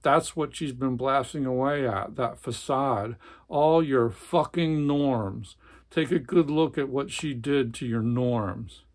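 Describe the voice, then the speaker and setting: A man reads a blunt, scornful older brother from a novel. He speaks in a cutting, accusing way. His voice sits in a middle pitch. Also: slow, a little mellow. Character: harsh older brother, a blunt male surgeon.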